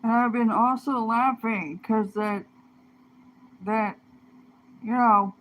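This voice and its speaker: Breathless high-voiced woman swearing through laughter. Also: steady tone, takes it slowly, a bit bright, a little hiss or hum, rough recording. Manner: swearing, laughing fits, mock wailing. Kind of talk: casual reaction vlog.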